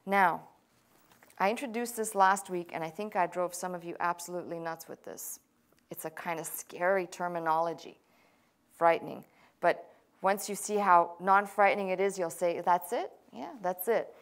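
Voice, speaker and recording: A woman's voice: fairly low pitch, steady tone, moderate pace. A woman pastor teaching a language class, explaining patiently step by step with casual asides.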